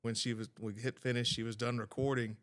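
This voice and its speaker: A man's voice: medium pitch, level tone, brisk, fairly bright tone. A man, a podcast producer, talking earnestly in a casual studio conversation and telling a heartfelt story.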